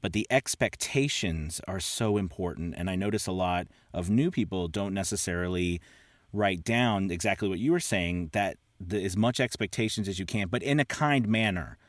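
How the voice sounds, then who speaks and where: A man's voice: low-pitched, moderate pace, no room sound. A man from Virginia hosting a podcast, chatting enthusiastically, laughing often and restarting his sentences. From Southeast Virginia. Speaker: podcast host. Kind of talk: casual interview chat.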